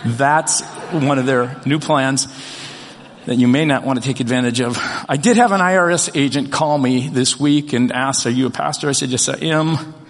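A man's voice: medium pitch, moderate pace, in a large hall. An older man preaching an Easter sermon as pastor, folksy and joking, telling light stories between points. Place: church sanctuary.

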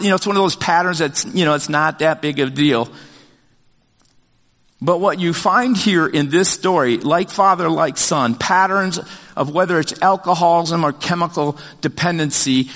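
An older man preaching a sermon as pastor, talking in a conversational, animated way with many fillers and restarts. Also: on the high side, long reverb tail.

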